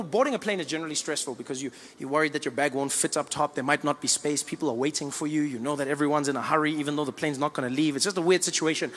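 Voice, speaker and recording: Comedian with hall reverb. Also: male voice, a little high, slight background noise. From South Africa. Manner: animated storytelling. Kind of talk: stand-up comedy.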